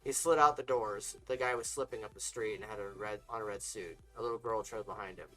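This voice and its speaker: A man's voice: fairly low pitch, quick pace, fairly bright tone, poor audio. Man reading a story over faint music. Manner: casual reading with slips and restarts. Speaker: story reader. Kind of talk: reading fiction aloud.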